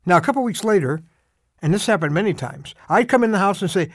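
A middle-aged man giving a short radio devotional, telling a story in an animated, conversational way. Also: high voice, brisk, no room sound, clean studio sound.

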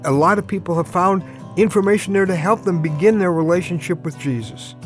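A man giving a short radio devotional talk, earnest and intimate, slowing down for emphasis. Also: sits high, soft background music. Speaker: radio preacher.

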